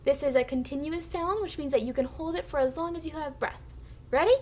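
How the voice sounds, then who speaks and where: High-voiced woman teaching early reading. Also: a little mellow, slight background noise. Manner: slow, clearly sounded-out words for children to repeat. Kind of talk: recorded phonics lesson for young children.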